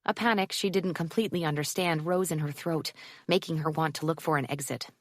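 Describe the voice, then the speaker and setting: A woman narrating a romance audiobook in a measured, even reading on a close mic. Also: low voice, dry recording. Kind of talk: scripted narration.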